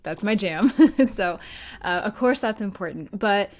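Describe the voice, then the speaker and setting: A woman's voice: mid-range voice, lively intonation, a little slow, darkish tone. A woman hosting a podcast as a grief and life coach, talking in an earnest, conversational way with light laughs. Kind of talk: solo podcast talk.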